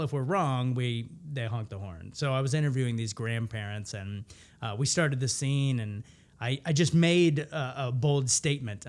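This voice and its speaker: Animated man telling improv stories. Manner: animated storyteller, acts out quotes in a higher voice. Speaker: improviser guest. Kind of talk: casual interview chat.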